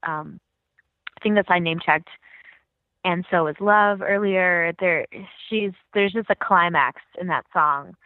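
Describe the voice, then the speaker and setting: A woman's voice: lowish voice, unhurried, dry recording. Woman co-host from California, eager and chatty; thin, dry phone-like recording. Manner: enthusiastic, chatty, many fillers and laughs. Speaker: podcast co-host. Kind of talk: casual chat about music.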